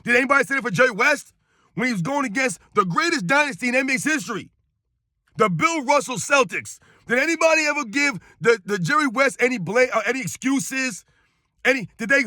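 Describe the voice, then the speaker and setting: A man's voice: extremely high pitch, expressive, a little fast, bright, forceful tone, no echo, clean studio sound. A man giving an emphatic, scornful sports rant, hammering his points home with repetition. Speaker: sports commentator. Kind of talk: ranting sports commentary.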